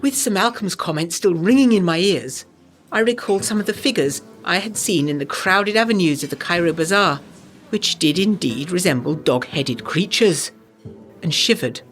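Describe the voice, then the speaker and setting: A prim young lady scholar voiced by a woman reads out her own letter in a brisk, proper manner. Her pitch moves about a great deal, and faint music plays under the narration. It is the narration of an audio drama. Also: lively intonation, lightly acted.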